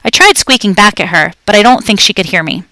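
A woman narrating a children's story aloud in a clear, lively storytelling manner. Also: medium pitch, fast talker, dry recording. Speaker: audiobook reader.

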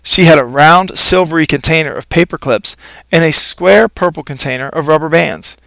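A man reading a children's storybook aloud in a playful, expressive first-person narration. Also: on the high side, moderate pace, creaky, dry recording. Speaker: audiobook narrator.

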